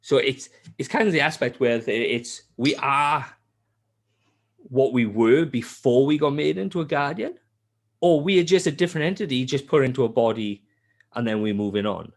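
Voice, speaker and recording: Man podcast host, lively sweary storyteller, mid-pitched voice. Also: moderate pace. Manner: animated storytelling, heavy swearing; acts out character lines in a high voice. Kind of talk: casual gaming chat.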